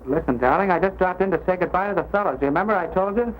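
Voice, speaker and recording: An actor playing a fast-talking newspaper reporter in 1930s film acting, coaxing his sweetheart on the telephone. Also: high-pitched, slight background noise, close to an everyday voice, low-quality recording. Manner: coaxing, pleading on the phone.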